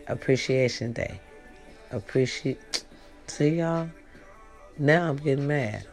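A woman's voice: extremely low pitch, slow pace, pauses often, faint music behind. A woman hosting a podcast, chatting casually and playfully to her listeners in a rambling, teasing way. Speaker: podcast host.

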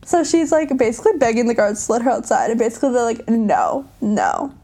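A woman's voice: fairly high pitch, very fast, warm tone. A young woman in casual chat, retelling a story with a giggle and acting out the characters' lines. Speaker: book recapper.

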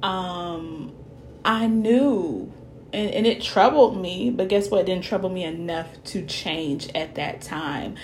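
A woman's voice: fairly low pitch, takes it slowly, slight background noise. A woman in her thirties talking candidly to her viewers, chatty and open, calling them "y'all" and "honey" and laughing now and then. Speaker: vlogger. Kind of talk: candid personal talk to viewers.

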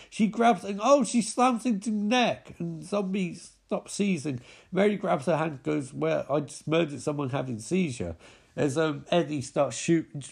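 A man's voice: fairly high pitch, vocal fry, a little mellow, breathy edge. A man giving a mocking, profane recap of a zombie film with lots of exclamations. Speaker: film commentator.

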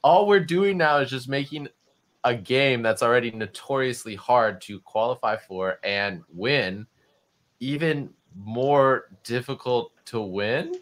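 A man co-hosting a live-streamed chat show, arguing his point in an animated way and laughing as he talks. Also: medium pitch, unhurried. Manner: animated, argumentative, laughs while talking. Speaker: podcast co-host. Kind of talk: casual debate chat.

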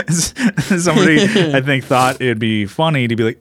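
A man's voice: mid-range voice, animated, normal speed. A man co-hosting a comedy podcast, telling rambling stories in casual chat, with swearing and laughter.

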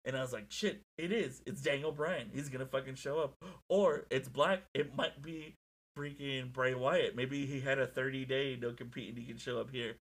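A young man chatting casually as a podcast co-host, telling stories in an excitable, animated way with lots of swearing. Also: mid-range voice, normal speed. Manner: excitable, profane, animated storytelling. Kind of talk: casual chat.

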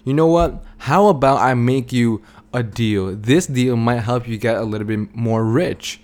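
A gentle, polite God who speaks calmly and patiently, as a man voices him in a story. His voice is the storyteller's own, at a middle pitch for a man. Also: a little slow, close to an everyday voice. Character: calm kindly male God on earth.

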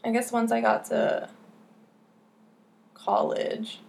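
Candid young woman, gravelly voice. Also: fairly high pitch, very animated, slow. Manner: candid, swears freely, lots of "like" and "you know". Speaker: podcast host. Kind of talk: casual conversational podcast.

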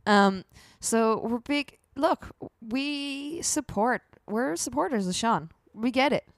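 A woman's voice: a little high, lively intonation, takes it slowly, no room sound. A woman co-hosting a podcast, chatting casually about pop music with playful teasing and jokey asides. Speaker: podcast co-host.

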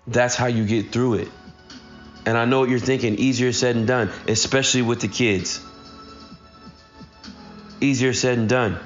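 A man's voice: mid-range voice, steady tone, normal speed, long pauses, highs cut off, soft background music. A man in his thirties giving a casual, earnest motivational talk straight to his listeners. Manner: earnest, addresses listeners directly. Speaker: motivational speaker.

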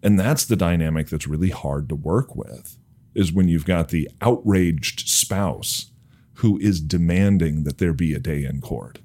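A man's voice: low-pitched, a little slow, mellow. A man co-hosting a podcast in casual chat, joking and teasing his co-host.

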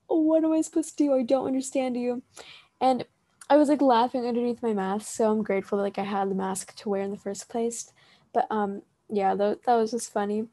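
A teenage girl hosts a casual chat in a higher, warm, mellow voice. She rambles through filler words, swears freely and laughs easily. The sound is dry and close, with no room echo. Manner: animated, with frequent laughter. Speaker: podcast host.

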